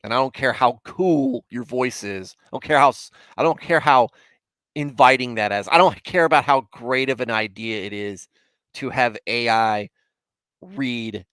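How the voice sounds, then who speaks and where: A man's voice: mid-range voice, unhurried, fairly bright tone, clean tone, no room sound. A man hosting a casual livestream, chatting with viewers in a rambling, self-mocking way with mock indignation. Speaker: livestream host.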